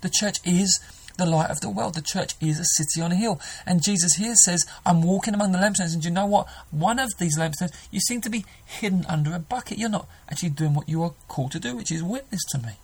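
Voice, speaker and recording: Preacher guy giving a sermon, gravelly husky voice, earnest, keeps restarting. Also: high-pitched, fast, hardly any pauses, poor audio.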